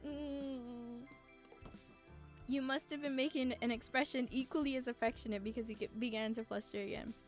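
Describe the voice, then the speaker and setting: Young female streamer, high voice, reads game text aloud, gets teary and swears casually. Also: steady tone, normal speed, faint music behind. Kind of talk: reading a romance game aloud while playing.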